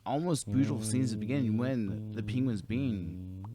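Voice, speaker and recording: Low-voiced, laid-back man in chat. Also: moderate pace, music in the background. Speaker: podcast co-host. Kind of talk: casual chat.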